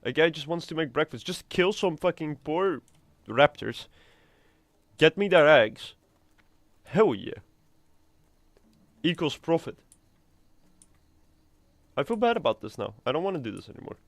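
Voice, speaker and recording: A man's voice: on the high side, very animated, unhurried, pauses often, no echo. A man streaming a video game live, chatting and rambling casually and swearing freely. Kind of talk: casual live gameplay commentary.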